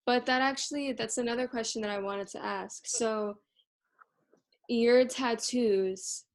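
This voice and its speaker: A woman's voice: a little high, fairly even intonation. Chatty woman podcast host. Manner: quick, chatty questioning with fillers. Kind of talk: casual conversational interview.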